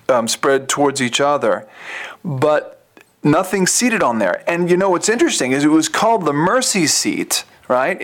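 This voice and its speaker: A man who is a religious brother, talking as a guest in a casual chat, halting and repeating words as he searches for them. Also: fairly high pitch, a bit bright.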